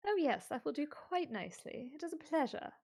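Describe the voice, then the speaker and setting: A woman's voice: high-pitched, very animated, a little fast, creaky, darkish tone, pitched above the performer's own voice, heavily acted. A woman doing a haughty upper-class lady. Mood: condescending. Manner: refined, haughty, formally polite. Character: poised upper-class noblewoman, gracious and condescending.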